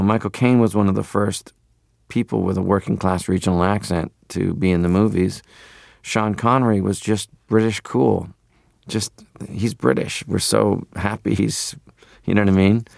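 A man's voice: lowish voice, vocal fry, a little mellow, dry recording, studio quality. A man from Canada, a guest in an interview, talking casually and rambling with many fillers.

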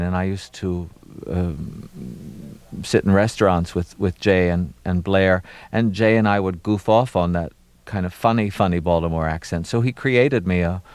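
A middle-aged man from Maryland, an actor being interviewed, talking reflectively with many pauses and fillers and a wry touch. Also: deep voice, darkish tone, no echo. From Maryland, USA.

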